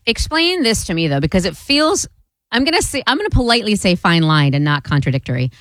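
Lively teasing radio co-host woman. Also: medium pitch, dry recording. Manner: animated, teasing, quick asides. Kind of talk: casual talk radio banter.

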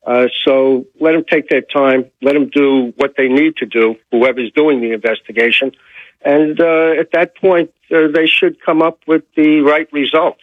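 A man calling in as a guest commentator on a radio show, speaking in a measured, hesitant way with many fillers. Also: a little high, steady tone, no echo. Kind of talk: phone-in commentary. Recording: tinny phone line.

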